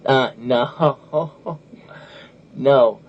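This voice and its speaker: A podcast host talks casually and loosely, with frequent laughs and restarts. His mid-range voice has a breathy edge and drawn-out words, and the lo-fi recording has a faint layer of noise.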